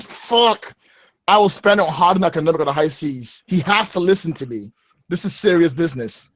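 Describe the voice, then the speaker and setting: A young man playing a tabletop game, excitable and hammy, swearing at his dice. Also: sits high, moderate pace, no room sound, muffled recording. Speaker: player. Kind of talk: casual game chat with in-character speech.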